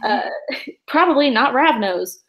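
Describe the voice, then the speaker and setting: A woman's voice: high-pitched, lively intonation, a little slow, fairly bright tone. A woman narrating a tabletop game as game master, in a casual, rambling way with many fillers and laughs.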